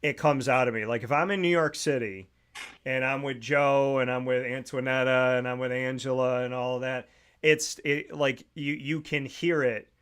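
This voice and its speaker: Male talk show host, mid pitch, animated anecdote-teller with a knack for impressions. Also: normal speed, clear, resonant tone. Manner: animated storyteller who does impressions. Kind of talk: casual sports talk show chat.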